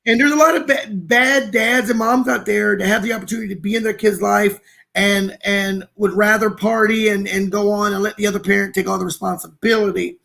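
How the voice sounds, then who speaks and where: A man's voice: high-pitched, steady tone, brisk, gravelly, bright, forceful tone. A man co-hosting a podcast, talking earnestly and personally in casual chat. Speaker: podcast co-host.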